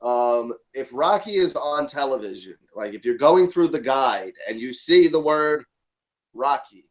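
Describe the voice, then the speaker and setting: A man's voice: medium pitch, unhurried. Emphatic New York man, dull call audio. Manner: animated storyteller, emphatic. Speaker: podcast guest. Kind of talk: casual podcast chat.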